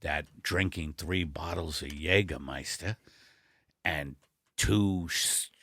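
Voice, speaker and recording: A man voicing Al, a bumbling, apologetic middle-aged husband, in a low mumbling voice in an improvised comedy sketch. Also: slow, fairly bright tone, heavily acted. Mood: sheepish. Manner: low, gravelly, mumbling and sheepish. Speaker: comedy podcast co-host.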